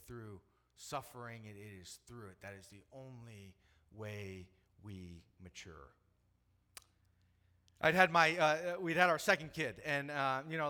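Bright-voiced man preaching a sermon. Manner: swings from soft hushed lows to loud emphatic peaks; repeats phrases and restarts while preaching. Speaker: pastor.

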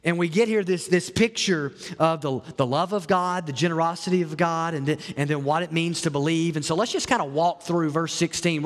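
A man's voice: on the high side, long reverb tail. A man preaching a sermon as a pastor, earnest and often repeating or restarting his words.

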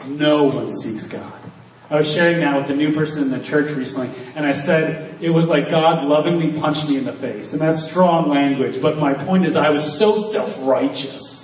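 A man's voice: a little high, a little hiss or hum. A man preaching an earnest sermon to students, with frequent restarts, in a church hall. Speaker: youth speaker. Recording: echoey room, mic at a distance.

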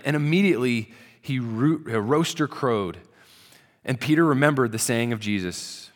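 A man preaching a sermon, retelling the story conversationally and dropping to a soft, low voice at solemn moments. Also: expressive, moderate pace, big-room sound. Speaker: pastor.

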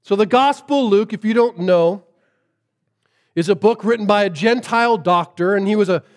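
A man preaching a sermon as a pastor, shifting from lively storytelling to hushed, earnest emphasis. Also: high voice, moderate pace.

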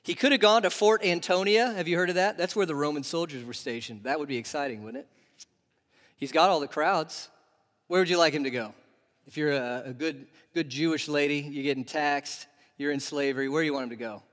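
A man preaching a sermon in a lively, animated way, putting question after question to his listeners. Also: fairly high pitch, a little fast. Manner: animated, asks the audience questions. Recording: long reverb of a large hall.

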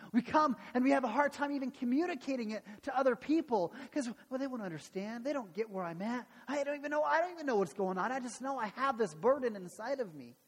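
Earnest guy preaching, raspy and kinda high, sounds like a big echoey church hall. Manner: earnest, prays and preaches with many restarts. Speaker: pastor. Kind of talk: sermon.

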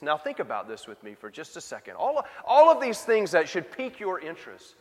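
High-voiced man preaching in a reverberant hall. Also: huge pitch swings, a little fast, few pauses. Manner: conversational preaching with rhetorical questions. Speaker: pastor. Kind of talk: sermon.

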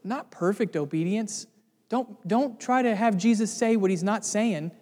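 A man's voice: high voice, unhurried, a little mellow, long reverb tail. A man preaching a sermon as pastor, earnest and building to emphatic lists of words.

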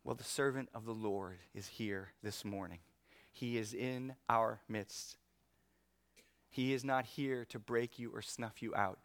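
A male pastor preaching a sermon in an animated, conversational way, chuckling often. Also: mid-range voice, no room sound. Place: church.

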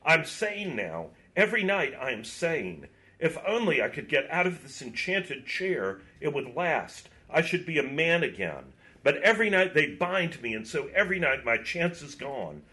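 A man's voice: fairly high pitch, very animated, normal speed, pushed and bright, voice pushed up. A man voicing a tormented, desperate young knight under a spell, pleading and anguished. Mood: urgent. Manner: pleading, anguished, rising to cries.

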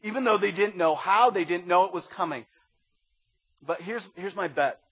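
Man, pastor, sermon, slightly high voice, hushed to pleading. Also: normal speed, slightly rough, dry recording, lo-fi sound. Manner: swings from hushed to loud pleading.

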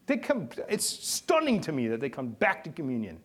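A man's voice: on the high side, huge pitch swings, moderate pace, fairly bright tone. A man preaching a sermon and leading a closing prayer, talking to the congregation and asking them questions. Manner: conversational, asks the congregation questions. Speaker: pastor.

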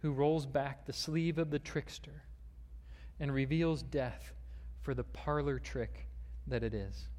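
A man delivers a sermon in a middle-pitched voice, stumbling over fillers and restarts as he works into a long reading. His voice rings with the long reverb of a large sanctuary. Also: steady tone, slow, darkish tone. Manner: reads a long quoted passage aloud, with fillers and restarts. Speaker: pastor.

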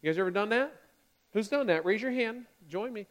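A male pastor preaching a sermon to his church, lively and playful, acting out the grumbling Israelites in quick excited bursts. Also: high-pitched.

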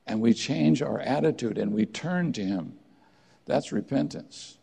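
A man preaching a sermon in church, earnest, with emphatic rises and quiet drops. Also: medium pitch, lively intonation, moderate pace, vocal fry, breathy edge. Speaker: pastor.

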